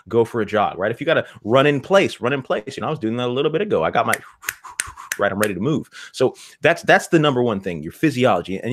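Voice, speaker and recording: A man co-hosting a motivational talk show, speaking in quick, punchy bursts and repeating words for emphasis. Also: medium pitch, slight background noise. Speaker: podcast co-host.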